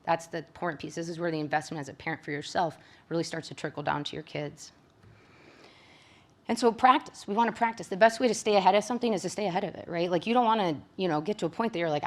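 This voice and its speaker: A woman's voice: lowish voice, quick pace. A woman psychologist from Michigan giving a talk to caregivers in a conversational way, often checking in with her listeners. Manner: conversational, frequent tag questions. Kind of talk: presentation to caregivers.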